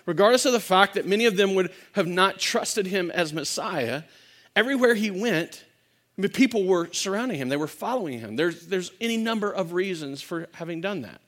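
Male pastor, high-pitched, animated sermon storytelling with frequent restarts. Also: moderate pace.

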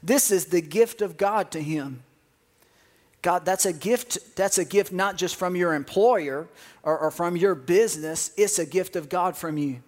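A man's voice: sits high, a little slow, a little mellow. A man preaching a sermon as pastor, telling joking stories with bursts of laughter.

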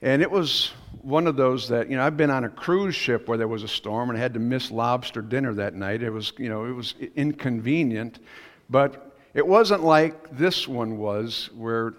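A pastor preaches a sermon, telling a story in a conversational, musing way. His voice is medium-pitched and his speed normal. The long reverb of a church hall surrounds him.

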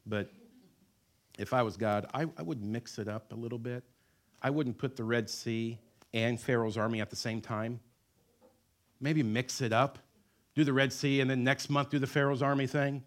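A middle-aged male pastor delivers a sermon at an ordinary, mid-range pitch. He keeps pulling listeners in with rhetorical questions. He lightens the message with playful asides. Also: moderate pace.

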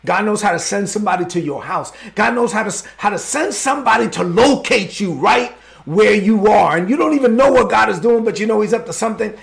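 A man's voice: high-pitched, animated, fairly quick, gravelly. A man preaching a sermon as pastor, fervent and openly emotional.

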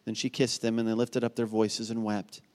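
A man preaching a sermon, telling stories with animated energy and often asking "right?" of his listeners. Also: lowish voice, normal speed. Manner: animated storytelling, rising to near shouting at climaxes; asks the congregation "right?" again and again. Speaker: pastor.

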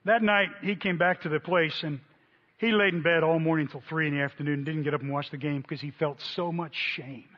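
A man preaching a sermon, telling a story with lively acted-out quotes. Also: on the high side, a little fast. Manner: animated storyteller, voices quotes loudly. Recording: dull sound in a long-reverb hall.

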